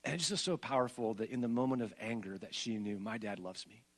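A man's voice: on the low side, fast talker. Middle-aged man preaching with soaring emphasis. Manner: storytelling, swings between soaring emphatic peaks and soft hushed passages. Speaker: pastor. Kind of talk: sermon.

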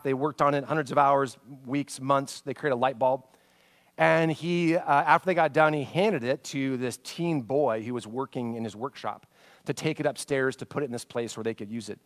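A man preaching a sermon, retelling stories with animated swings between loud emphasis and hushed passages, sometimes stumbling over names. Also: medium pitch. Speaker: pastor.

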